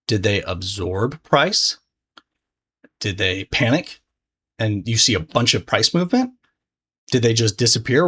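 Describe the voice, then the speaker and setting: A man with a lowish voice teaching a recorded course lesson. He speaks straight to the viewer in a loose, chatty style, swearing freely and circling back on his sentences as he explains. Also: fairly bright tone. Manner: casual, profane, conversational with frequent restarts. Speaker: trading course instructor.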